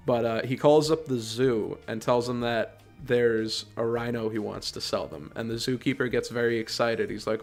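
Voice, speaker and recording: A man's voice: medium pitch, fairly even intonation, moderate pace, vocal fry, hardly any pauses. Fields: Sex: man. Role: podcast host. Style: sarcastic, exasperated movie review. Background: faint music. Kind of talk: casual spoken review.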